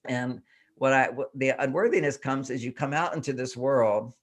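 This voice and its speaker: A man's voice: medium pitch, normal speed. An older man, a guest on a talk show, explaining in earnest tones. He asks himself question after question and acts out the inner voices as he goes. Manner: self-questioning with repeated rhetorical questions. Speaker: guest relationship expert.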